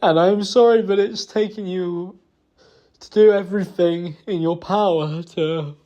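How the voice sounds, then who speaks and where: Young man, high-pitched, warm mellow tone, emotional, halting, self-blaming. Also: steady tone, lo-fi sound. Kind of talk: recorded personal apology.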